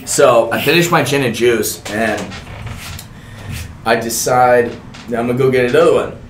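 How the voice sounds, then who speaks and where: A young man spins a loose, profane story as a podcast guest, relaxed and chuckling along the way. His voice sits at an ordinary pitch. The room around him rings a little, with faint background noise. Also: echoey room. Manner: profane, laid-back, laughs often. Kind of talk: casual storytelling chat.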